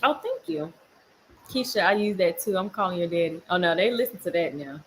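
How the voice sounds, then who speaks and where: A young woman and mother chatting casually with viewers on a livestream, animated and laughing often, breaking off to tell her toddlers off. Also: fairly low pitch, fast talker, a little hiss or hum. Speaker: mom vlogger on a livestream.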